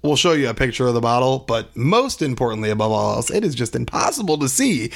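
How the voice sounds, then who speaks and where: A man with a gravelly voice and a middle pitch co-hosts a casual podcast. He sounds chatty and enthusiastic and pokes fun at himself. He speaks from a small podcast room. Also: sing-song, quick pace. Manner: chatty, enthusiastic, self-deprecating. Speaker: podcast co-host. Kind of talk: casual chat, whiskey tasting.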